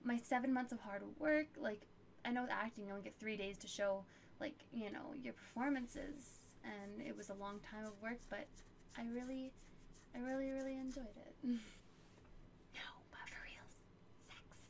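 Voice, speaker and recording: A woman's voice: fairly high pitch, normal speed, vocal fry, a little hiss or hum. A young woman streamer chatting casually while answering viewer questions, full of fillers and laughter. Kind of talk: casual chat.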